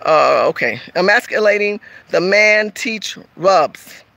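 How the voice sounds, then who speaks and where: A woman's voice: mid-range voice, lively intonation, slow pace, creaky, a bit bright, no room sound, low-quality recording. A woman from California hosting a casual livestream, talking emphatically and repetitively straight to her viewers as she reads their comments.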